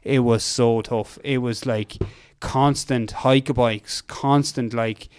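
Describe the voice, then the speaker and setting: An Irish man telling a long cycling story as a podcast guest, rambling and animated, with lots of fillers, and he slips into voices to quote people. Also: medium pitch, slow pace, clear, resonant tone, no room sound, studio quality. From Ireland. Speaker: podcast guest, endurance mountain biker. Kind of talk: casual storytelling chat.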